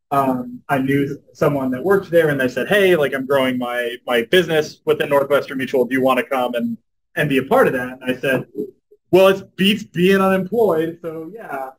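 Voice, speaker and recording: A young man giving a storytelling talk, animated and filling his speech with "like" and "um". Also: mid-range voice, a little hiss or hum, poor audio. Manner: animated, says "like" and "um" a lot. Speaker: guest speaker at a club meeting.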